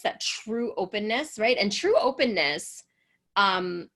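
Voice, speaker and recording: A woman's voice: mid-range voice, expressive, slow, fairly bright tone. A woman relationship coach leading an online coaching session, earnest and encouraging, sometimes acting out the voices of people she describes.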